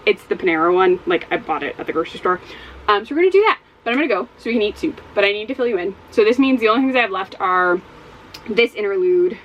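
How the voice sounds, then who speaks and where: Chatty woman with a lively, bouncing voice. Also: medium pitch, fast talker, dull audio, a little hiss or hum. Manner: chatty, rambling, exclaims and repeats herself. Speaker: book vlogger. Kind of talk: casual reading vlog chat. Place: home with dogs.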